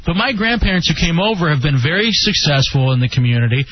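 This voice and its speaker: Lively radio host man, lo-fi. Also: a little high, quick pace. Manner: lively, laughs often, self-mocking. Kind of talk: casual radio banter. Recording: dull lo-fi radio recording.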